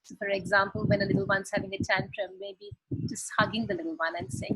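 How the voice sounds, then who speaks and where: A woman's voice: mid-range voice, quick pace, a bit bright, slightly rough, no room sound, low-quality recording. A woman giving earnest parenting advice on a video call, explaining with examples. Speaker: parenting guest expert.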